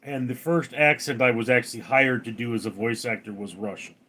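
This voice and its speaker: A man's voice: mid-range voice, steady tone, a little fast, pushed and bright. A man from Los Angeles hosting a casual late-night livestream, rambling as he reads out and answers viewer comments. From Los Angeles, California. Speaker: livestream host reading chat. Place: outdoors at night.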